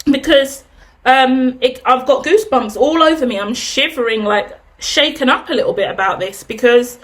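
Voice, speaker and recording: A woman's voice: high-pitched, normal speed, fairly bright tone. A woman giving an intuitive tarot reading in a rambling, casual way, swearing now and then. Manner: rambling, casual swearing, laughs at own tangents. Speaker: tarot reader.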